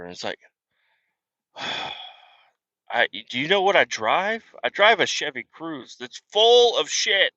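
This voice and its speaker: A man's voice: medium pitch, measured pace, sharp tone, no echo, dull audio. A man hosting a casual podcast, rambling through family stories in a profane, self-deprecating way while on the road. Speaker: podcast host. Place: car.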